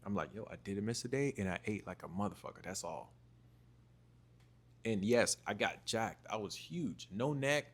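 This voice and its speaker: A man's voice: on the low side, normal speed. A young man telling a casual, slangy story about his fitness journey to camera, repeating phrases for rhythm. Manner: slangy, repetitive, animated storytelling. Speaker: fitness vlogger.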